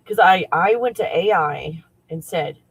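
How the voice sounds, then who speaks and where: A man who works as a spiritual coach talks casually on a livestream, excitable and rambling, often breaking into laughter. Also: sits high, a little slow, breathy edge, rough recording.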